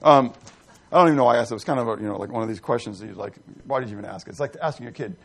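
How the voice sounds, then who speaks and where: A man's voice: mid-range voice, expressive, racing, creaky, a little hiss or hum. A middle-aged man preaching a sermon, reading scripture and putting questions to the congregation with emphasis. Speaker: pastor.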